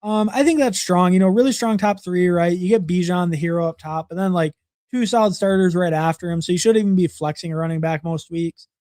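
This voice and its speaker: A man's voice: sits high, brisk, a little mellow, dry recording, studio quality. A young man hosting a livestream, casually reviewing fantasy football draft picks and rambling with lots of fillers and repeated words.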